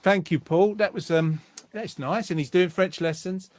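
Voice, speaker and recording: A talkative male host leans into a video call, reading out viewers' comments and chatting between them. His voice sits a little high. The sound is dry and close, with no room around it. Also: moderate pace, a little mellow, no room sound. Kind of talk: casual online show chat.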